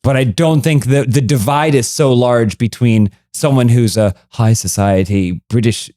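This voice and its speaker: A man's voice: medium pitch, measured pace, mellow, dry recording, studio quality. An American man co-hosting a comedy podcast, talking in rambling, self-interrupting banter. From United States. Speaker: podcast co-host.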